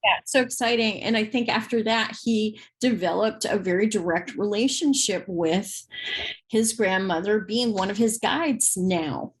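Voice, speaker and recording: Woman, podcast co-host, casual conversation, lively storyteller, mid-range voice. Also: medium pitch, a little slow. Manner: lively storyteller, acts out quoted dialogue.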